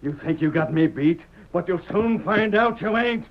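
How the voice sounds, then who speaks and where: An actor playing a hot-tempered cattle rancher in a radio drama, speaking in a rough frontier drawl. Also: male voice, high voice, normal speed. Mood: blustering. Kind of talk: 1930s radio drama acting. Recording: tinny, hissy old radio recording.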